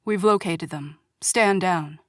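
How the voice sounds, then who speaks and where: A woman voicing a calm, polite male royal bodyguard in an audiobook. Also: fairly low pitch, slow pace, dry recording, clean studio sound.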